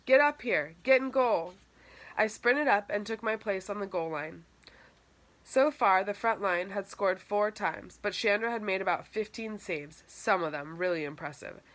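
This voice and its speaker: A woman reading a first-person audiobook with steady, matter-of-fact storytelling. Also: on the low side. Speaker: audiobook narrator.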